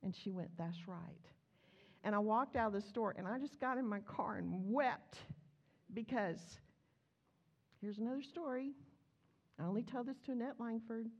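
A woman's voice: on the high side, moderate pace, long pauses, highs cut off. A woman preaching a chatty, storytelling sermon in church, acting out the dialogue as she goes. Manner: animated, chatty, acts out dialogue.

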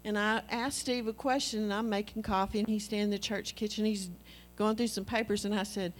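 A middle-aged woman preaching a sermon in an animated, conversational way, acting out little dialogues with her husband. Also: mid-range voice, fairly quick, slight background noise.

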